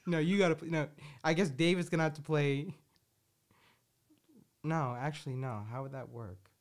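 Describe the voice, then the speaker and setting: A man's voice: fairly high pitch, moderate pace. A man hosting a podcast in casual chat, laid-back, laughing often and swearing offhandedly. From Boston area. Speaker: podcast host.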